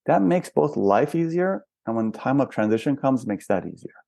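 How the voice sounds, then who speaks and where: Gravelly, mellow older man. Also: medium pitch, lively intonation, moderate pace, no echo. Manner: explains patiently with rhetorical questions. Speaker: spiritual counselor and healer, interview guest. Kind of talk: reflective interview talk.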